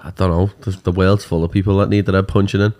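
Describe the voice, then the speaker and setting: Young man, Liverpool accent, deep low voice, blunt laddish banter; casual guest chat. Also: flat delivery, fast talker, a little mellow. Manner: blunt, laddish, says "lad" often. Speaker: MMA fighter, guest.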